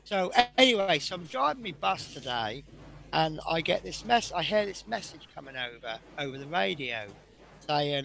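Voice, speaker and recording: A man's voice: a little high, big pitch swings, moderate pace, vocal fry, bright, forceful tone, slight background noise. A middle-aged man, a bus driver, chatting casually and telling rambling work stories with frequent chuckles while building a model. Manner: rambling and anecdotal, chuckling often.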